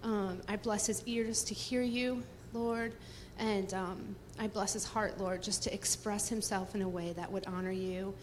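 Woman, spoken church prayer, soft and tearful, earnest, long hall reverb, faint noise. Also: medium pitch, steady tone, measured pace.

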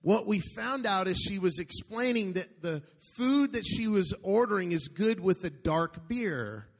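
A middle-aged man preaching a sermon, an animated storyteller who jokes and calls out to the congregation. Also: sits high, a little slow. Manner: animated, joking storyteller with call-outs to the congregation. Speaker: pastor. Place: large church auditorium. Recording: long hall reverb.

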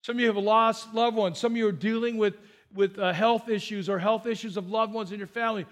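Man, pastor, very high voice, conversational sermon, joking asides, repeats words as he goes. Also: steady tone, fairly quick.

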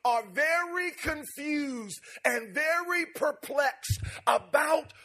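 A man's voice: extremely high pitch, takes it slowly, pushed and bright. A man preaching a revival sermon, rhetorical and building emphasis, drawing out key words.

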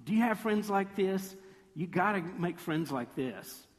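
A man preaching a sermon, telling the story in a lively way, acting out quoted voices and slipping in playful sarcasm. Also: high-pitched, measured pace. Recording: long reverb of a large hall.

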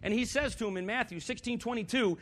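A man's voice: extremely high pitch, fast, fairly bright tone. A man preaching a sermon in a church, talking conversationally, putting questions to the congregation and slipping in dry, sarcastic humor.

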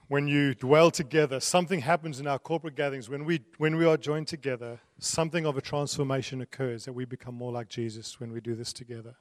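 A man's voice: mid-range voice, no echo, studio quality, big-room sound. A man preaching a sermon in an earnest way, repeating key phrases and laughing now and then. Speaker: pastor.

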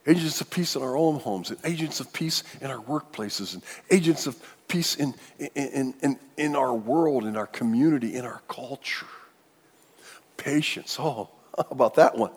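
Husky-voiced pastor preaching in a reverberant church. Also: male voice, mid-range voice, normal speed. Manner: animated, joking preaching. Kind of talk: sermon. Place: church sanctuary. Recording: long church-hall reverb.

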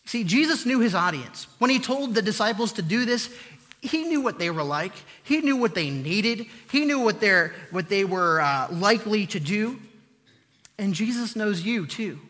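Male preacher, high bright voice, earnest emphatic delivery, hall reverb. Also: lively intonation. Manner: earnest, emphatic repetition with slow pauses. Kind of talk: sermon.

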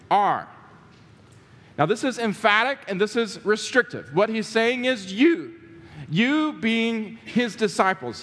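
A male pastor with a lilt preaches in a high, lively voice that swoops up and down as he presses each point. He repeats key words for emphasis and throws questions to the congregation. The sound carries a long church-hall reverb. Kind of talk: sermon. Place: church sanctuary.

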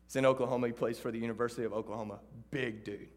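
A man with a Texan accent preaching a sermon to students, animated, moving from loud calls to the audience to hushed storytelling. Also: mid-range voice, racing. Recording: hall reverb.

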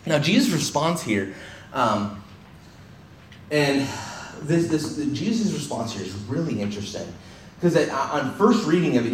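Very animated, this pastor preaches an expository sermon in a church hall in a slightly high voice, at a moderate pace with frequent pauses. He talks conversationally, restarts often and acts out quoted speakers, while the recording carries echo and faint hiss.

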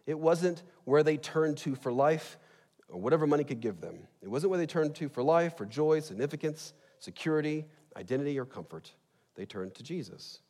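A middle-aged man, a pastor, preaching a sermon in a lively, conversational way with asides. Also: a little high, moderate pace. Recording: long reverb in a large hall.

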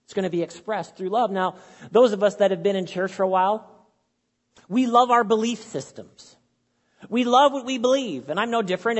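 High-voiced pastor preaching in a reverberant hall. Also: male voice. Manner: earnest, conversational preaching with repetition. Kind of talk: sermon.

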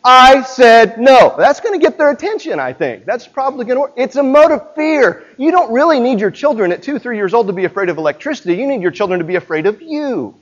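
A high-pitched man preaches a sermon as pastor, speaking to his congregation in a chatty way and asking them questions. He is in a church, and the recording is slightly dull and lo-fi. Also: big pitch swings, quick pace, few pauses. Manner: conversational, asks the congregation direct questions.

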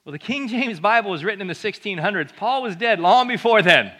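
A male pastor preaching to his church with a high, bright voice. He talks in a lively, conversational way and slips jokes in between points. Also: a little fast. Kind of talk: sermon.

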